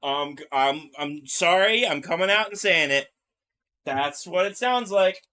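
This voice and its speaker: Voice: medium pitch, expressive, a little slow. Laughing, joking game streamer. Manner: laughing, loud joking outbursts. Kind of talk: live let's-play commentary.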